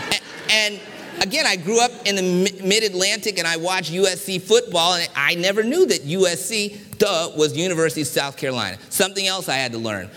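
Bright-voiced preacher in a reverberant hall. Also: male voice, high-pitched, expressive, brisk. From Washington, D.C. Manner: storytelling with humor, varied pacing and emphasis. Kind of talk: sermon with personal stories. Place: church sanctuary.

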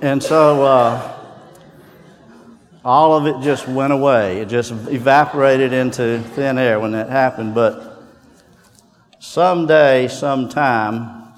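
A man's voice: medium pitch, slow pace, long pauses. Folksy Southern man in a hall. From Texas. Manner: folksy and joking, with fillers and restarts. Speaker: guest speaker. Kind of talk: humorous chapel talk. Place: large hall. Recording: hall reverb.

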